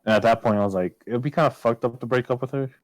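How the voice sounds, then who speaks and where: A man's voice: medium pitch, racing, no echo, poor audio. A man telling a personal story in casual podcast chat, swearing often and acting out his own past lines. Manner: swears a lot, quotes himself loudly.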